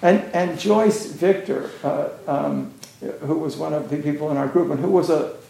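A man's voice: a little high, normal speed, creaky, warm tone. A man giving a casual, rambling Zen dharma talk, full of "you know" fillers. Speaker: Zen teacher. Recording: roomy echo.

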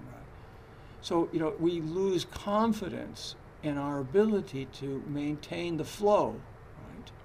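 A man's voice: a little high, creaky, slight background noise. A man giving a Zen dharma talk in a conversational, hesitant way, with frequent fillers and restarts. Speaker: Zen teacher.

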